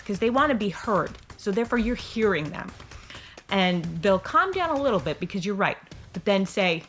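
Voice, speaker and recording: A woman's voice: medium pitch, animated, moderate pace, faint music behind. A middle-aged woman hosting a homeschool channel, giving casual advice in a chatty, rambling way with frequent restarts. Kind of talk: casual advice talk to camera.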